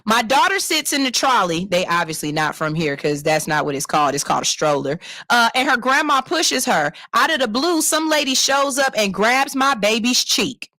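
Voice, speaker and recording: A woman radio host, in her thirties, talking in a blunt, profane and animated way. Her voice sits a little high, and the studio sound is close and dry. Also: moderate pace, hardly any pauses, dry recording. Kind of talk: casual radio talk, reading and reacting to a listener letter. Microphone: studio microphone.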